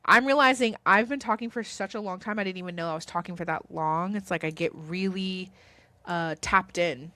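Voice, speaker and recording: Through tears, a woman vlogger rambles to camera about spirituality in an earnest, reassuring way. Her voice sits on the low side with a sharp tone and a moderate pace, with no echo.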